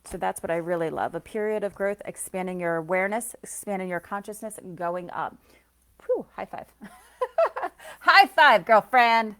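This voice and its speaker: A lowish-voiced woman leading a live card reading, talking straight to her viewers. She is chatty and effusive, gushing over small things and breaking into laughter, and she greets people by name as she goes. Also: very animated, normal speed. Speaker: spiritual reader and soul coach.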